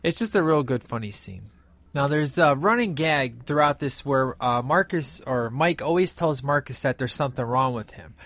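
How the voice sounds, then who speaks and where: A man's voice: mid-range voice, animated, moderate pace, fairly bright tone. A man casually recapping his favorite film scenes, enthusiastic and rambling with many fillers. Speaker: film reviewer.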